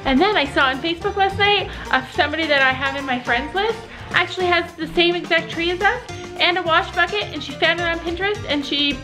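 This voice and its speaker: Talking fast in a very high-pitched voice, this Canadian mother addresses her audience directly in a casual vlog filmed on a handheld camera. She's chatty, and the audio is poor, with music in the background.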